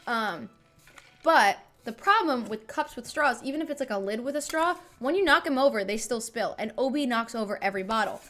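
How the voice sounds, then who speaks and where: Bubbly woman streamer in her thirties, slightly high voice, casual chatter, faint music under it. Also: fairly bright tone. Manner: chatty, bubbly, talks fondly about her pets. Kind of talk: casual livestream chat. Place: home.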